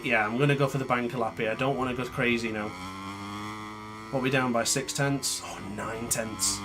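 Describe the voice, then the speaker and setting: Speaking at a normal speed in a medium-pitched voice, this gaming YouTuber comments live on a motorbike race, with music and game engine sounds behind him. He is frustrated, muttering and often scolding himself.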